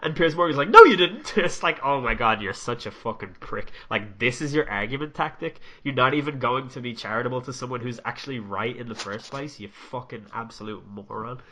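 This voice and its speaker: A man's voice: medium pitch, brisk, few pauses. A young man ranting and swearing his way through casual podcast chat. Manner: swears a lot, ranting and animated. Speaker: podcast co-host.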